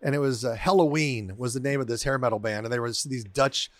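A man in his fifties, an actor and comedian, telling lively self-deprecating stories as a guest. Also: mid-range voice, brisk, no room sound. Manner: animated, self-deprecating storyteller. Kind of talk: casual storytelling in conversation.

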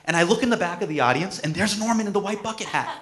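A comedian in his thirties giving a personal tribute speech, telling a story with lively acted-out moments. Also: high voice, very fast. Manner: animated storytelling, acts out quotes.

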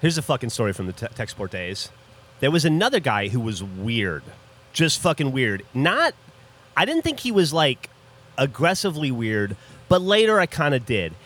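Lively man telling a story. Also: medium pitch, moderate pace, breathy edge. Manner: animated storyteller acting out quotes. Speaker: podcast co-host. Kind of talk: casual chat.

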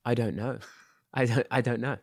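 A man in his thirties with an English accent, a guest actor talking in a relaxed, chatty way, full of filler words. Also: medium pitch, moderate pace, creaky, no room sound, studio quality. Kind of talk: casual interview chat.

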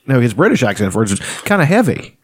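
A man's voice: medium pitch, very animated, fast, slight background noise. A man in casual chat as a podcast co-host, rambling, laughing often and swearing freely.

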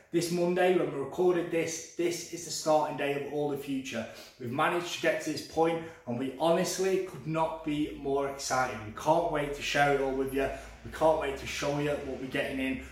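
A man who owns a shop, chatting enthusiastically on a podcast and repeatedly calling his listeners guys. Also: mid-range voice. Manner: enthusiastic, repetitive, keeps addressing listeners as guys. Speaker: shop owner promoting his store on a podcast. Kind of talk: promotional podcast chat. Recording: echoey room, far from the mic, music behind.

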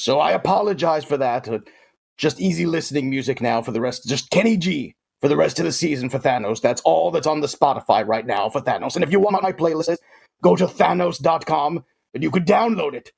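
A man's voice: a little high, creaky, husky. A man putting on a comic voice of a boastful alien titan villain on a sports talk show, speaking with pompous theatrical grandeur. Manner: pompous, theatrical, playful third-person boasts. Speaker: fantasy football guest in character. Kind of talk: comic character bit on a sports podcast.

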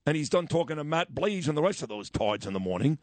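A man's voice: fairly high pitch, sing-song, fast, no echo. A man hosting a morning radio show, teasing and interrupting his co-hosts in folksy banter. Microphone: studio microphone.

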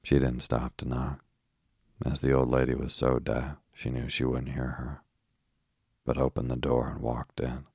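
A man narrating a bedtime story in a calm, even way. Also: extremely low pitch, a little slow, breathy edge, no room sound, studio quality.

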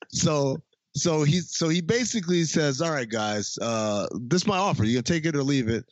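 A man's voice: fairly high pitch, lively intonation, normal speed, no room sound, lo-fi sound. A man casually retelling scenes of a comedy film for a co-host, quoting the characters and laughing along. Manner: storytelling retells of dialogue, laughing at the jokes. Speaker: podcast co-host. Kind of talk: casual movie recap chat.

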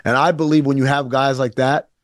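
A man co-hosting a casual sports talk show, animated and sarcastic, often acting out quotes in mock voices. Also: mid-range voice, a little fast, dry recording, clean studio sound. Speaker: podcast co-host.

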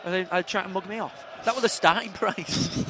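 A man co-hosting a football podcast, chatty and quick to tease. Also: high voice, noisy background. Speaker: podcast co-host. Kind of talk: casual football banter.

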